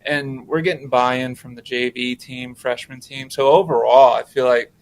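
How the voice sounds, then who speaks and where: A man who coaches high school basketball, answering interview questions in a halting way, often repeating words. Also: steady tone, a little hiss or hum.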